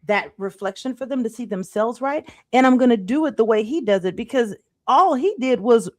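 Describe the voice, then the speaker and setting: A woman in her thirties, a life coach, talking in a casual faith-based chat, animated and repeating herself for emphasis. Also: on the high side, a little fast, no echo, studio quality.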